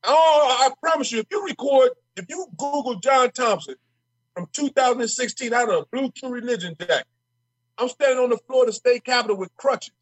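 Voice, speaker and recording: High-pitched man, dry close sound, fiery emphatic politician guest who stumbles over repeated words. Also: animated, brisk, breathy edge, no echo. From Minnesota. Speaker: state legislator guest. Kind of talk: passionate interview talk.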